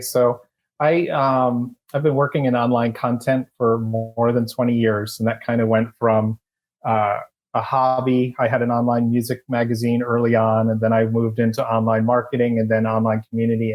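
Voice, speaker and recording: A man guesting on a podcast, telling his story in a rambling, relaxed and chatty way. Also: mid-range voice, moderate pace. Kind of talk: casual storytelling interview.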